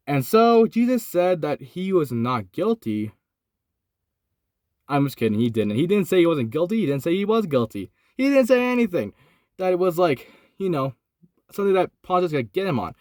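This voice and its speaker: A young man recording in his van, casually retelling a Bible story, swinging from excited to hushed and solemn. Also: a little high, no echo, clean studio sound. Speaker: host. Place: inside a van.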